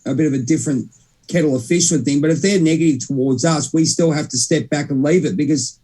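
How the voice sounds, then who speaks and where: A man's voice: on the high side, fast talker, mellow, husky. A young man, co-hosting a casual spiritual chat, rambling and cutting himself off mid-sentence. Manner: rambling, self-interrupting, swears mildly. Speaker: podcast co-host.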